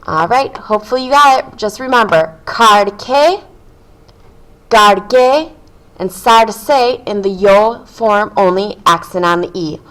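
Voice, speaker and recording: A woman's voice: mid-range voice, unhurried, a bit bright, poor audio. A woman teacher in a video lesson, patiently drilling verb forms and translations one by one. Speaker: Spanish teacher.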